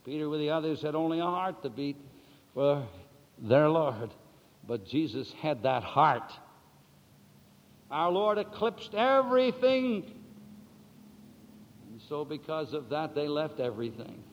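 Guy preaching a sermon, kinda high voice, goes quiet then booms out stretched words, muffled old recording w long hall echo. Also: big pitch swings, unhurried, long pauses. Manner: dramatic swings between soft and loud, stretching key words; asks the listeners questions and answers them. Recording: dull, lo-fi sound with long hall reverb.

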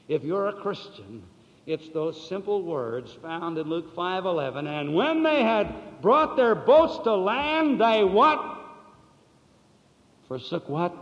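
In a muffled, low-fidelity recording drenched in lengthy hall reverb, a preacher alternates hushed, deep passages with booming, stretched-out words. He keeps asking the congregation questions that he goes on to answer.

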